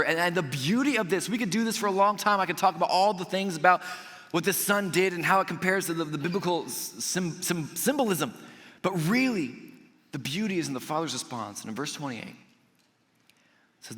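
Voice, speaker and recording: A male pastor preaching a sermon in a conversational storytelling way, dropping to soft, earnest emphasis. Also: high-pitched, expressive, a little fast. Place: church auditorium. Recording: echoey church hall.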